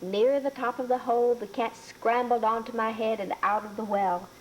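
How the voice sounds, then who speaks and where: A woman reading a children's storybook aloud in a slow, deliberate way. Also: a little high, fairly even intonation, slight background noise, poor audio.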